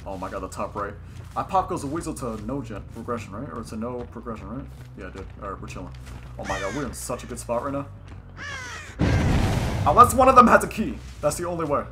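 A young man giving live commentary on his own gameplay, excitable and swearing often, yelling at players and then muttering tactics. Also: medium pitch. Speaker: gaming YouTuber.

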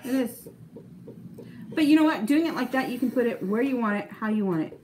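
A woman's voice: a little high, lively intonation, fairly quick, a little mellow, slight background noise. A playful, giggly woman co-hosting a casual toy-collecting livestream at home, reading viewer comments aloud. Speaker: toy hunter livestream co-host.

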